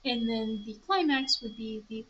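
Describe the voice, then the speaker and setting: A young woman with a somewhat high voice talks a writing group through plot structure in a public library meeting room. Her tone is casual and chatty, she leans on familiar stories as examples, and she stops to fix her own wording. A light hiss sits under her voice. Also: normal speed, a bit bright, muffled recording. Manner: chatty, explains through story examples, self-correcting. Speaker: writing club leader.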